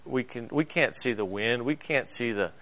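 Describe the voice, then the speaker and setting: A male pastor, preaching a sermon. He tells stories and swings between loud emphasis and quiet asides. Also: medium pitch, moderate pace.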